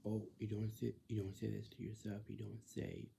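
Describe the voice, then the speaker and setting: A man's voice: fairly low pitch, level tone, normal speed, gravelly, dark tone, slight background noise. A man talking casually in a repetitive, lecturing way, often ending lines with "right?" and sometimes dropping into a whisper. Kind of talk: casual monologue.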